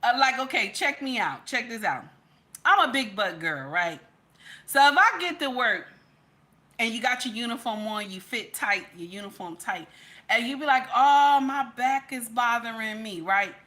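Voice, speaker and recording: A woman's voice: on the high side, very animated, normal speed, sharp tone. A woman, commenting casually and emphatically to her viewers, peppering every line with "okay?" and calling them "baby.". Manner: chatty and emphatic, keeps repeating "okay?"; addresses viewers directly as "baby" and "y'all". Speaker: social media commentator.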